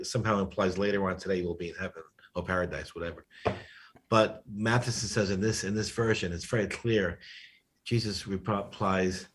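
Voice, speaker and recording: Low husky man, halting speech. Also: fairly even intonation. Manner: thinks aloud, halting with frequent restarts. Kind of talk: conversational podcast discussion.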